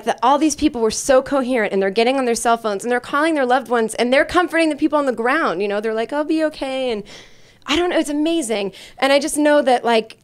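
A woman performing a stand-up comedy set, telling a rambling, self-deprecating story full of fillers. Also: a little high. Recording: live club recording with audience laughter. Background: audience laughter.

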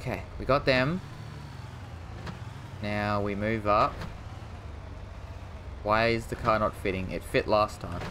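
A man's voice: lowish voice, slow, long pauses, noisy background. Chatty man yelping over a game. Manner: rambling, self-mocking, yelps at the game. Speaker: gaming streamer. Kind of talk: casual gameplay commentary.

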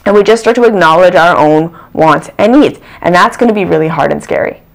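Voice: mid-range voice, a little fast. A channel host giving a reflective self-help talk, earnest and repeating phrases for emphasis.

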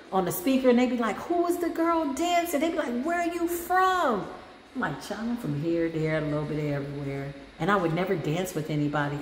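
A woman hosting a casual spiritual reading on her channel. She talks in a sassy, chatty way and keeps calling her listeners "child" and "y'all". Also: mid-range voice. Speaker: spiritual reader and channel host. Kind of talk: casual tarot-reading vlog talk. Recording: echoey room with faint background hum.

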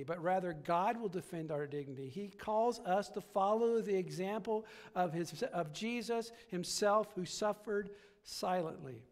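A pastor delivers his sermon in a high voice, circling back on phrases and building to forceful peaks. The sound carries a long reverb from the church sanctuary. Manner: preaching with repetition, rising to emphatic peaks.

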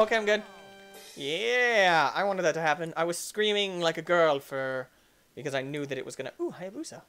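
A man hosting a let's-play, giving jokey, excitable commentary and yelling at the game. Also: fairly high pitch, moderate pace, noisy background. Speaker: gaming channel host.

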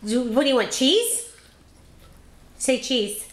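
A woman's voice: medium pitch, lively intonation, measured pace. A woman filming at home, coaxing a toddler in a sing-song baby-talk voice to say words. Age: adult. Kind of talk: home video, talking to a toddler. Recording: echoey home room.

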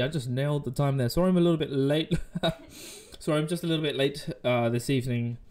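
A man's voice: mid-range voice, fast talker, a little mellow. A man chatting casually on a live stream, joking and rambling while he eats at his desk mic. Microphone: desk microphone.

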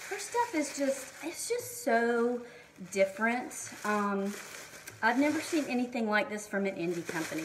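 A middle-aged woman with a drawl talks through a beauty haul in her kitchen, gushing and stopping for ums as she reads product labels aloud. Her voice is mid-pitched and sits a little away from the mic. A faint hiss stays under the whole recording. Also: recorded from a distance. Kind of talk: casual haul and unboxing chat. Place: home kitchen.

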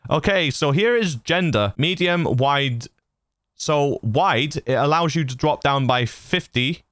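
This host's fairly high, slightly bright voice is animated, yet he takes it slowly while casually demonstrating voice effects on his audio mixer. He's chatty and laughs at his own silliness, and his studio broadcast mic produces a dry recording.

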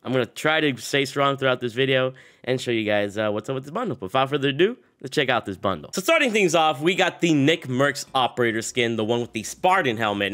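A man's voice: mid-range voice, a bit bright. Young man with a sick voice, upbeat. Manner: upbeat, rambling with fillers. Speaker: gaming YouTuber. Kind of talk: casual gaming commentary.

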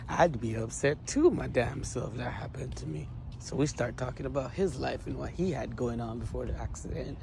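A man vlogging in a relaxed, storytelling way, laughing often and swearing freely as he acts out what others said. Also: mid-range voice, normal speed, gravelly, background noise. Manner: animated, laughing, profane, slangy, quotes others in his telling. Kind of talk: casual storytelling.

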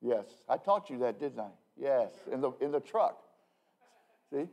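A man's voice: medium pitch, animated, unhurried, a little mellow, muffled recording. A man who is a pastor, preaching a casual evening sermon in a joking, rambling way, with emphatic bursts and frequent restarts. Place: church.

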